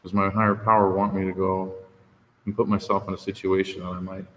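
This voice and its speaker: A man shares his story from a podium at a recovery meeting, frank and conversational, with a somewhat low voice. His words ring out with a long room reverb, over a faint hum of background noise. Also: flat delivery, brisk. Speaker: speaker sharing at a recovery meeting. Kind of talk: candid personal testimony.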